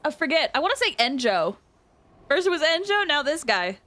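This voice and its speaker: A woman streaming a video game, commenting live in a gushing, excitable way, squealing and shouting with delight. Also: high-pitched, fairly quick, background noise.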